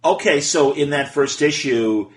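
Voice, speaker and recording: A man's voice: fairly high pitch, a little slow. A man hosting a casual podcast interview, playful and teasing, with casual swearing. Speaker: podcast host.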